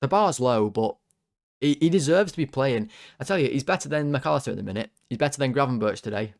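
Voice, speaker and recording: A young man hosting a football fan channel, ranting through player ratings, swearing, his voice jumping high when worked up. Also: animated, quick pace, vocal fry. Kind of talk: player ratings rant to camera.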